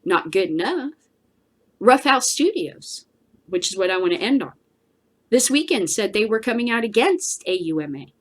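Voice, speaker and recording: A woman's voice: a little high, big pitch swings, moderate pace. A woman hosting a cannabis news show, giving blunt, emphatic solo commentary with a preachy edge.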